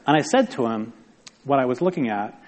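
A man's voice: mid-range voice, expressive, fairly quick, a faint crowd. A man giving a conversational public talk to an audience, rambling and wry, often interrupting himself. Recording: long hall reverb.

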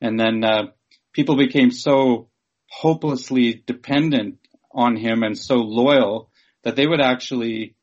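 A man asking questions in a conversational interview, speaking haltingly with many restarts and fillers. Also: mid-range voice, lo-fi sound.

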